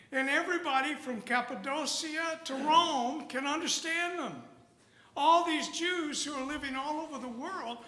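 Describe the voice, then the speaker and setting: A man's voice: extremely high pitch, sharp tone. A man preaching a sermon as a guest preacher, telling a folksy story with rising emphasis. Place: church sanctuary. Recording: echoey church hall with long reverb.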